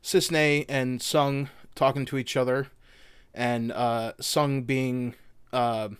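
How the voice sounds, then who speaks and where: A man's voice: medium pitch, level tone, takes it slowly, clean tone, no echo. A young man co-hosting a podcast in loose casual chat, rambling with restarts and fillers. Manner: rambling, lots of restarts and fillers, laughs often. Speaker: podcast co-host.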